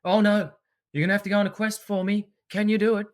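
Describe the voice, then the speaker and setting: A man voicing an old wise woman of the forest, talking in a hurried, urgent way. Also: high voice, little pitch movement, pitched above the performer's own voice, lightly acted. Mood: worried, urgent.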